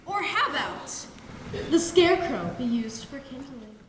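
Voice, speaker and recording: A woman's voice: high-pitched, big pitch swings, measured pace. Woman playing a gloating wicked witch. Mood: menacing. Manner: menacing, shouting threats, cackles. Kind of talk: children's stage play. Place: school auditorium stage with live audience. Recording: echoey hall, far mic, audience noise.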